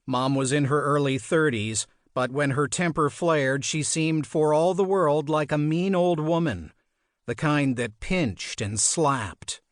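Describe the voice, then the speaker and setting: A man narrating an audiobook in a measured, expressive storytelling manner. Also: on the high side, dry recording, studio quality. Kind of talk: scripted narration.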